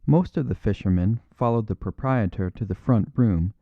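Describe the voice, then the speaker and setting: A male narrator reads a classic detective story in a measured, even style. His voice sits on the low side. The studio sound is dry and slightly dull. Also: dry recording. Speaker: audiobook narrator. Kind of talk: scripted narration of a classic mystery.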